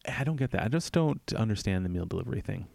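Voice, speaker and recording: Male podcast co-host, deep and gravelly, relaxed, rambling, joking delivery. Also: fast talker, dry recording. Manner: laid-back, rambling, joking. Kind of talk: casual chat.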